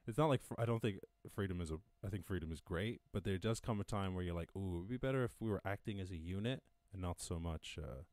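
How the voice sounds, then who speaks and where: A man's voice: low-pitched, darkish tone, no echo. A man with an Irish accent hosting a casual live-stream, reading news and riffing on it, swearing freely and laughing at his own jokes. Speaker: podcast host. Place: home during lockdown.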